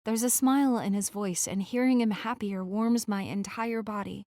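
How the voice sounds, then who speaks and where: A woman narrating a first-person romance audiobook in a gentle, intimate reading style. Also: medium pitch, fairly even intonation, normal speed, no room sound, clean studio sound.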